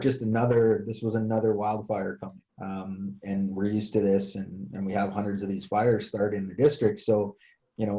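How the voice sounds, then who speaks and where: An older man, a retired fire chief, recounts events in a casual interview, his lowish, warm voice hesitant and full of fillers and restarts. The recording sounds dull and lo-fi.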